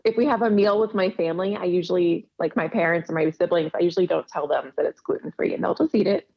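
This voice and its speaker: A woman's voice: on the low side, quick pace, vocal fry. A woman casually telling stories in an interview, laughing often and acting out quoted dialogue. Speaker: podcast guest, quilter. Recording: dull lo-fi audio.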